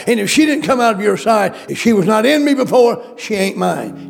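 A man's voice: sits high, animated, moderate pace, vocal fry, faint music behind. A male preacher delivering a sermon, emphatic and repetitive, calling out questions to the congregation. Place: church.

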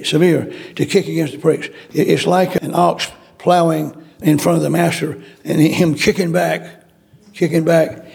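A man's voice: a little high, gravelly, darkish tone. A man preaching a sermon, emphatic and repetitive, acting out the voices in the story he tells. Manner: repetitive, emphatic, acts out quotes.

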